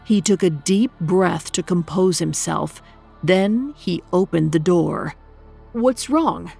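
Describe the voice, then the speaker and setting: A woman narrates a myth in a scripted, measured and dramatic way. Her voice sits low, with a gravelly, creaky texture throughout. She has the steady pacing of a prepared storytelling reading. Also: faint music behind.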